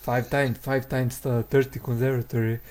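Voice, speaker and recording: A man commentating a live strategy game with his co-hosts, pausing often with hesitant fillers as he works through the numbers. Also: medium pitch, level tone, darkish tone. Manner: hesitant, frequent filler pauses.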